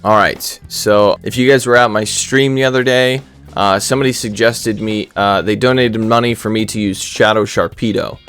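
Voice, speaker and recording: Low-voiced man commentating a game. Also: fairly even intonation, moderate pace, fairly bright tone, smooth, soft background music. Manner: self-deprecating, rambling with stutters. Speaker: gaming commentator.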